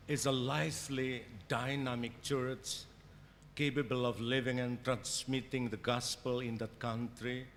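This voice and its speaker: A man with an Indonesian accent delivers an academic lecture, halting and full of fillers and restarts. He speaks at an unhurried, deliberate pace. The voice carries a long hall reverb over faint background ambience. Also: mid-range voice, slight background noise. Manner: hesitant, many fillers and restarts. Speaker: conference keynote speaker. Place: conference hall.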